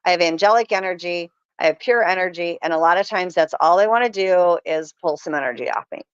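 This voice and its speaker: A woman's voice: fairly low pitch, a little fast, clean tone, no echo. A middle-aged woman guest telling stories in a casual chat, earnest and emphatic. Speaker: podcast guest. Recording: dull lo-fi sound.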